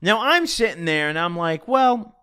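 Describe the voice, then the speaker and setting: A man recounts a personal story in a casual, foul-mouthed way. His voice sits high and swings widely in pitch as he animates each beat. It is a loose, conversational storytime delivery. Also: sing-song, moderate pace, sharp tone, clear, resonant tone. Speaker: storytelling streamer.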